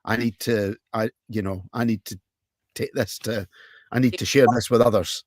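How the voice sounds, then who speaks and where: A man's voice: on the low side, steady tone, normal speed, no echo, studio quality. A man hosting a podcast, asking long questions with many restarts and ums. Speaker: podcast host. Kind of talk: interview questions.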